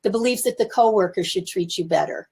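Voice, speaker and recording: A woman's voice: mid-range voice, a little fast, vocal fry, darkish tone, breathy edge. A woman in her seventies, a therapist and teacher, giving candid, self-reflective coaching talk from her office. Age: 70s. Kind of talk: casual talk to camera.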